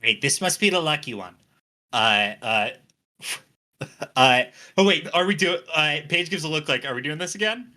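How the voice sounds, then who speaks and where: A man's voice: on the high side, expressive, measured pace, bright, forceful tone. A man playing a tabletop game, chatting casually and describing his character's moves. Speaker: player.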